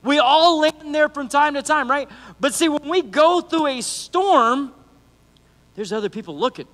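A middle-aged man preaching a lively sermon as youth pastor, joking and acting out the people in his stories. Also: very high-pitched, unhurried. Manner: animated, acts out quotes, joking asides. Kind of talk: energetic sermon. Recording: long reverb of a church hall.

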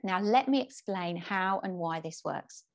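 A woman's voice: lowish voice, expressive, unhurried. Patient woman explaining step by step. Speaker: presenter teaching kids to introduce themselves. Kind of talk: instructional talk to camera.

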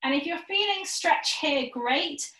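This yoga teacher's voice sits high, sounding pushed and bright, with lively intonation. In an echoey room and from a distance, she gives friendly, encouraging instructions and rattles off poses in quick rounds.

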